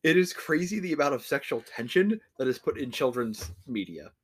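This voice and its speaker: A young man in casual, crude podcast banter. He speaks at an ordinary pitch, laughs often and drops into quoted voices for his jokes. His talk is loose and full of restarts. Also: animated, brisk, slightly rough. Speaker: podcast co-host.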